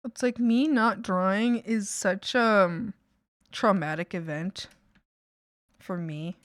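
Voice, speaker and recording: A woman's voice: medium pitch, slow pace, dry recording, clean studio sound. A Canadian woman streamer chatting casually while she draws, laughing often and swearing casually, with some playful scolding.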